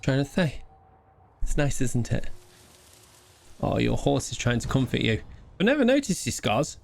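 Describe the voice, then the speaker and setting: A man's voice: medium pitch, very animated, moderate pace, gravelly, darkish tone. A man streaming a game live, chatting casually with rambling asides and a bit of swearing.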